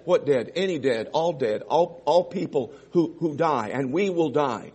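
A man preaching a sermon, reading scripture and explaining it, with loud emphatic stresses and quieter asides. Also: fairly high pitch, animated, measured pace, hardly any pauses, slightly rough. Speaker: pastor.

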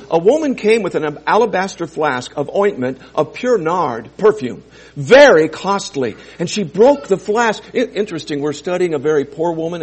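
Man, pastor, sermon, husky voice, fairly high pitch, dramatic soft-to-loud swings.

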